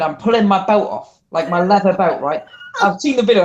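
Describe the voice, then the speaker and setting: Animated man telling wild anecdotes. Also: high-pitched, fairly quick. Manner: animated storyteller, repeats himself, lots of "man" and "like". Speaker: wrestler guest.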